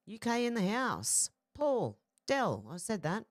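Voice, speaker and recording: A woman's voice: a little high, wildly swooping pitch, takes it slowly, no echo, studio quality. An Australian woman hosting a casual livestream, chatty and greeting viewers by name. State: sore back. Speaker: livestream host.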